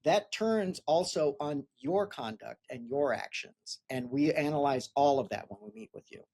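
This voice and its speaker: A man's voice: on the high side, lively intonation, moderate pace, gravelly, a little mellow. Man explaining the law, keeps asking "right?". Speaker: personal injury attorney, podcast co-host. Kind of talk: casual podcast explanation.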